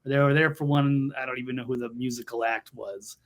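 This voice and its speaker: Gravelly man hosting blunt political chat. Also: medium pitch, steady tone, fairly quick. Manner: blunt, mocking, with frequent restarts and fillers. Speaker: show host.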